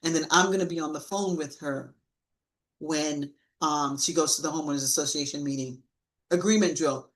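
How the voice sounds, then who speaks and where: A woman giving a live-streamed sales training talk, coaching with lively emphasis and acting out sample lines to clients. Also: low-pitched, moderate pace, rough recording.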